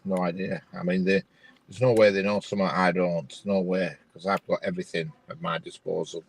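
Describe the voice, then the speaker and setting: A man's voice: deep voice, flat delivery, brisk, breathy edge, low-quality recording. Bemused rambling man. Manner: bemused, rambling, many restarts. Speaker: co-host watching live train feeds. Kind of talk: casual live-stream chat.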